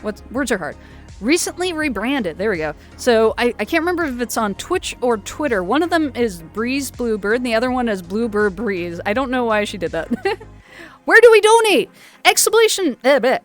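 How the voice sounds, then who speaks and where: A woman hosting a charity livestream from home in a VR chat, talking casually and laughing often. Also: fairly high pitch. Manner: giggly and chatty, laughs often. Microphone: VR headset mic.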